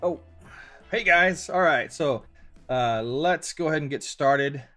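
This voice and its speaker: A man's voice: on the high side, a little slow, bright, forceful tone, faint music behind. Easygoing man with a Louisiana drawl. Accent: Louisiana Southern US. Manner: easygoing, chatty, jokes about himself. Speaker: programming tutorial host. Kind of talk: screen-share coding lesson.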